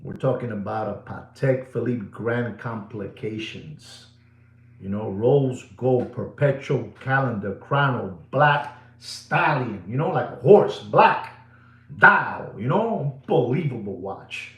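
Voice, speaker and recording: A middle-aged man pitching watches on a live show, repeating himself like a showman and dropping from booming bursts to near-whispers. Spanish words pop up in his English. His voice sits at an ordinary pitch in a roomy, echoing space. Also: expressive, slow pace. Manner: showman-like, repetitive, swings between booming and hushed. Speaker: watch dealer hosting a live sales show. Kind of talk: live sales pitch to viewers. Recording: roomy echo.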